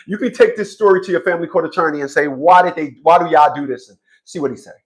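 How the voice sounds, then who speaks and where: A man telling a court story in an animated monologue, mocking, with loud outbursts and low asides, acting out other people's lines. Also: quick pace. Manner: acts out other people's voices in quotes. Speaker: family court advocate.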